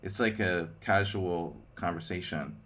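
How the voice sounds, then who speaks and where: Relaxed and joking, a chess streamer thinks out loud about his moves and chats with his viewers between variations. He speaks a little low and at a measured pace, keeping the commentary casual.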